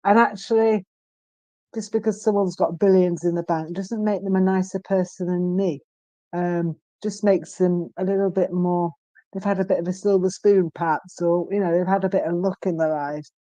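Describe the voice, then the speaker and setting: A woman in her fifties, a guest in an interview, speaking earnestly and emphatically with frequent pauses and restarts. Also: on the low side, steady tone, dark tone, no echo. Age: 50s. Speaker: guest, stroke survivor. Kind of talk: candid interview conversation.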